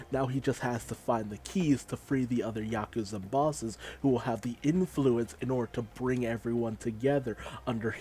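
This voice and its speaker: Animated man recapping a manga chapter. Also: medium pitch. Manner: animated, laughing, loose and profane. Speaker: manga reviewer. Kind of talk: casual commentary recap.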